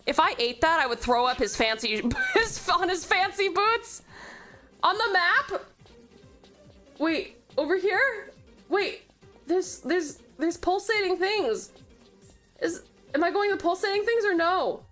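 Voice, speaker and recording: A woman's voice: very high-pitched, lively intonation, measured pace, long pauses, a bit bright, soft background music. A woman from Tasmania, streaming a game, gushing over her chat with pet names and swearing freely. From Tasmania, Australia. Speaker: VTuber streamer.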